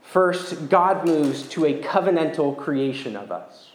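A man preaching a sermon as pastor, earnest and measured, slowing down to stress key words. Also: a little high, animated, slight background noise. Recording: echoey church room.

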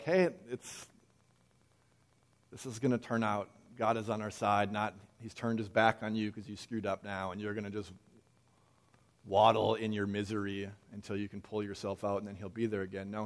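A man preaching a casual sermon, talking conversationally and acting out quoted voices with frequent restarts. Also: on the low side. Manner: conversational, animated quoting with repeated restarts. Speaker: pastor.

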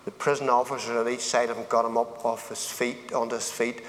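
A Northern Irish man speaks earnestly and plainly, his voice sitting at an ordinary middle pitch. He rises into fervent appeals to his listeners. A long reverb trails his words around the event hall. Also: flat delivery, brisk. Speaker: speaker giving a personal testimony. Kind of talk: evangelistic testimony at a men's event.

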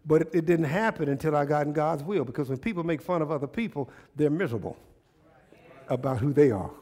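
A male pastor delivers a sermon to his congregation in church, with a voice that sits a little higher than most men's. His manner is folksy and conversational. He keeps turning to the congregation with rhetorical questions. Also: quick pace, darkish tone.

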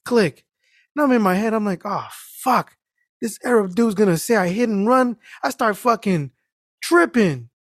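A man's voice: high-pitched, moderate pace, dry recording, clean studio sound. A man telling a work story in casual chat, cursing freely and acting out the people in it. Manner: animated, profane, acts out voices. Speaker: guest storyteller.

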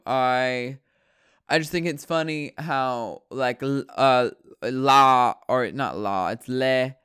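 A man's voice: medium pitch, fairly bright tone, clear, resonant tone, no echo, studio quality. A man from the United States chatting in a rambling, profane way, correcting himself as he goes. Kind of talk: casual rambling chat.

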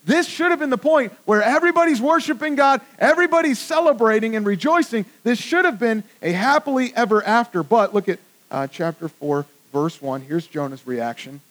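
A man preaching a sermon in a casual, animated way, swinging from excited to hushed. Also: extremely high pitch, brisk, poor audio. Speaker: pastor.

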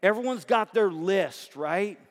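A man's voice: high-pitched, animated, measured pace. A man preaching a sermon, emphatic and often checking in with "right?", stretching out key words for stress. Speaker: pastor. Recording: long hall reverb.

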